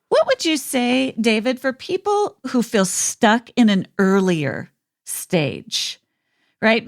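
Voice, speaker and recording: A woman hosts a podcast conversation with an affirming, enthusiastic manner. Her voice sits at an ordinary middle pitch. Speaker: podcast host. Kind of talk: interview conversation.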